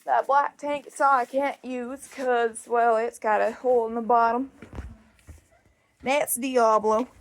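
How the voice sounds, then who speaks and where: High-voiced, slow-talking woman with a Southern drawl. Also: fairly even intonation. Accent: put-on Southern US drawl. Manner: chatty, coos at animals in a high baby voice. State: a little out of breath from walking. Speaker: farm vlogger. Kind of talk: casual walk-and-talk farm vlog. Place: outdoors on a farm.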